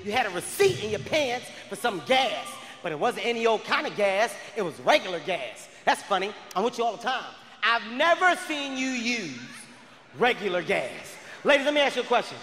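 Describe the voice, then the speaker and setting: A man doing stand-up comedy on stage, telling a story loudly and shouting the punchlines. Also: high-pitched, sing-song, fast, hardly any pauses, a little hiss or hum. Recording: echoey live hall recording.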